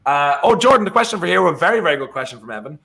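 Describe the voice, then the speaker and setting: An excitable Irish man talking over a live football match in a casual online chat, his voice sitting a little high. He jokes, reacts loudly to the play and teases his co-host. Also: rapid-fire, gravelly. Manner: excitable, jokey, bursts into shouting and laughter.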